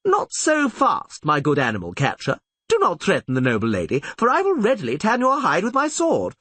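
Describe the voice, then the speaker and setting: A man's voice: high voice, huge pitch swings, fairly quick, a bit bright, dry recording, pitched above the performer's own voice, full character voice. A man reading an audiobook and voicing a gallant, pompous young squire who speaks in a formal, chivalrous way.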